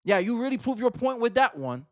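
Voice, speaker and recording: A man's voice: extremely high pitch, big pitch swings, a little fast, over a noisy crowd. A man hosting a reaction commentary, talking in an emphatic, argumentative way and repeating phrases for effect. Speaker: commentary host.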